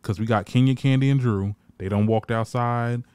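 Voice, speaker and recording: Sassy man with a crisp, dry voice. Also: mid-range voice, moderate pace, dry recording. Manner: sassy, blunt, swears freely; animated, acts out quoted lines. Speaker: reality TV reviewer. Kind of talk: casual recap commentary.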